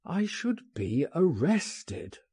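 A man voicing a frightened, despairing man awaiting trial, groaning and resigned, in a husky storybook reading. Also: on the high side, sing-song, drawn-out words, warm tone, no room sound, studio quality, voice pushed up, heavily acted.

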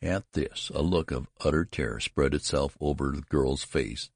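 A man narrating a story as an audiobook reading, with dramatic, expressive delivery. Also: very deep voice, moderate pace, creaky, few pauses, breathy edge, no echo, clean studio sound.

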